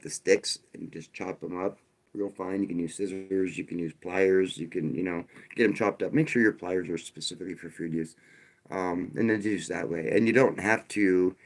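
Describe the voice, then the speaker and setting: Deep-voiced rambling man hosting a livestream. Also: gravelly. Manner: rambling, loose, with frequent restarts; wry and sarcastic. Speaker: livestream host. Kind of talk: casual live-stream talk.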